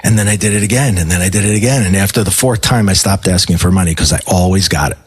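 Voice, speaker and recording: A man's voice: deep voice, fast, breathy edge. A middle-aged man, a life coach and podcast guest, telling a personal story emphatically and acting out his own quoted words. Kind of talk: storytelling in a casual interview.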